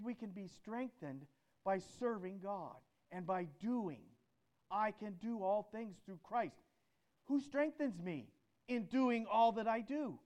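High-voiced, slow-spoken man preaching. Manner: rising to loud emphatic peaks then dropping low; rhetorical questions to the congregation. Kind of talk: sermon.

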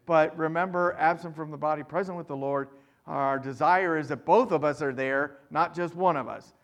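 A man preaching a sermon, swinging between loud emphatic lines and quiet asides as he reads and explains scripture. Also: on the high side, normal speed. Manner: reads scripture aloud with rising force. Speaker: pastor.

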